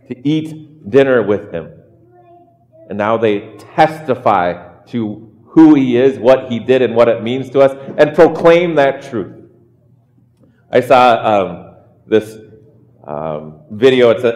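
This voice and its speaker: A man's voice: medium pitch, a little mellow. A male pastor preaching a sermon in a casual, conversational way, often restarting phrases and checking in with the congregation. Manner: conversational preaching with frequent restarts and "right?" asides. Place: church sanctuary. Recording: long church reverb.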